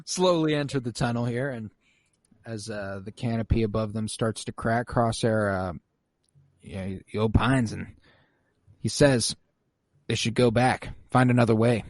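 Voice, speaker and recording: A man's voice: mid-range voice, normal speed, a little mellow, no room sound. A young man co-hosting a podcast, recapping an episode in casual, profane chat. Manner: casual and profane, quoting characters in mock voices. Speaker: podcast co-host.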